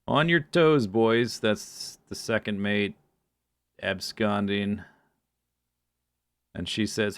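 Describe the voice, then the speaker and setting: Low-voiced man thinking aloud while gaming. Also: normal speed, fairly bright tone, no echo. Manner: thinking aloud, muttering to himself. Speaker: streamer. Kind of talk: casual gaming commentary. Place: home streaming setup.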